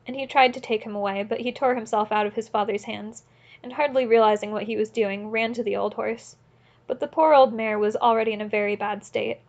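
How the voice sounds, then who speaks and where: A woman narrating an audiobook in a steady, earnest reading voice, now and then correcting a slip. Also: a little high, brisk, highs cut off. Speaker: audiobook reader.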